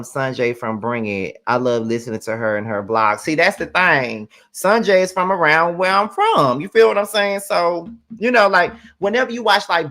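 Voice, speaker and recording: Bright-voiced Mississippi woman rambling on. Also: low-pitched. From Canton, Mississippi. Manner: rambling, chatty, circles back on her points. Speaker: commentary host. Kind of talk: casual reaction commentary.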